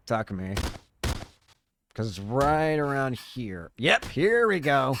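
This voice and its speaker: A man's voice: mid-range voice, a little hiss or hum. Young man reading a visual novel aloud. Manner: casual, reacting with quick exclamations. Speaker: game streamer.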